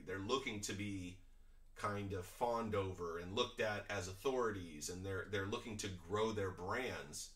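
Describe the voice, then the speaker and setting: A man's voice: fairly low pitch, sharp tone, echoey room. A man hosting a reaction video, giving opinionated, critical commentary on a clip in a conversational way.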